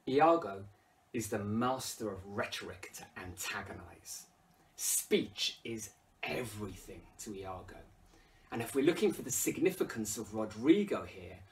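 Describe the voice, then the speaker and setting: Heard on a distant mic, a man of medium pitch and English accent gives lesson commentary on a play. He's an expressive literature teacher whose voice swells dramatically each time he quotes a line.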